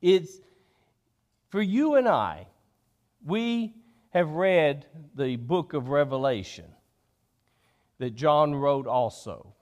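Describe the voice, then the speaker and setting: A man preaching a sermon in an unhurried way, dropping low and soft on key words. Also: lively intonation, lo-fi sound. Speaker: pastor.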